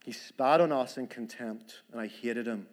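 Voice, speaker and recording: A man voicing an elderly woman camp survivor, telling her story in a steady, solemn first person. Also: medium pitch, moderate pace, lightly acted. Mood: grave.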